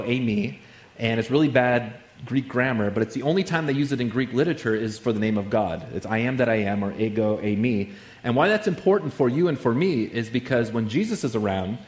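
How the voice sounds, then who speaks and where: A man's voice: medium pitch, darkish tone, roomy sound. A man preaching a sermon in a conversational way, with many asides and fillers. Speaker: pastor.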